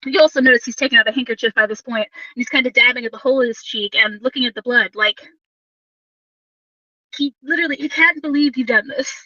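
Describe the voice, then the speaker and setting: A woman running a tabletop game as game master, narrating in an animated, playful way and swearing casually. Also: a little high, fast, no echo, distant mic, highs cut off.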